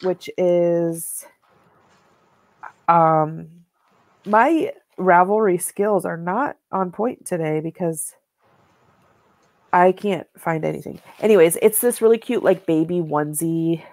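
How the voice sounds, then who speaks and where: A woman's voice: fairly low pitch, slow pace, pauses often, darkish tone, dry recording. A woman co-hosting a knitting show, chatting casually and showing yarn and fabric to the camera, rambling with many "like"s and "um"s.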